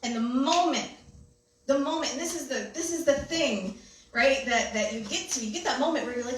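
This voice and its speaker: Bright-voiced woman telling a story. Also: sits high, moderate pace, long pauses, slight background noise. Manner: animated, laughing often. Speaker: speaker. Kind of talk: storytelling talk. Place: large room with an audience. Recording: echoey hall from far off.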